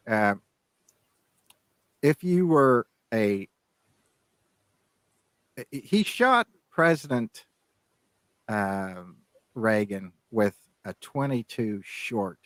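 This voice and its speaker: Middle-aged male podcast co-host, slow and low, halting delivery, dry recording. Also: sing-song, a bit bright, no echo. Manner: halting, many restarts and fillers. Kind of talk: casual rambling chat.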